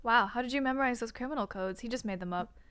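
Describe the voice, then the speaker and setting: A woman's voice: a little high, fast, a bit bright, smooth. A woman streamer giving casual, playful commentary with joking asides while playing a game.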